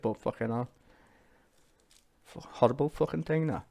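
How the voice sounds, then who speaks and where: A man's voice: mid-range voice, brisk, gravelly, darkish tone. A man with a Liverpool accent, a streamer ranting angrily and swearing bluntly as he reacts to parliament. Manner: sweary, blunt, angry rant. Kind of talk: ranting commentary.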